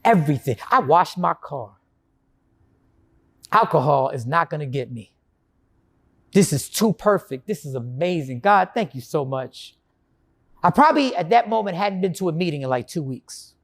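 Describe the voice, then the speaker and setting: Animated man telling his own story. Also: a little high, moderate pace, pauses often. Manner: animated, acts out his own past self and inner voices. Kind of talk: personal storytelling monologue.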